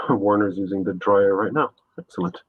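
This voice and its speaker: Laid-back husky man chatting on stream. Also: fairly low pitch, steady tone, normal speed, no room sound. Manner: rambling, laid-back, frequent fillers. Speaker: streaming artist host. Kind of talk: casual chat while painting. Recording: tinny phone-like sound, dry.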